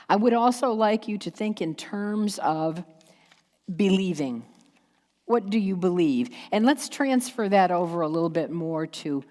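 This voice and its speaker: Slow-preaching woman pastor in echoing hall. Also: mid-range voice, dark tone. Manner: slow, emphatic preaching with pauses and acted asides. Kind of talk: sermon. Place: church sanctuary. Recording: long hall reverb.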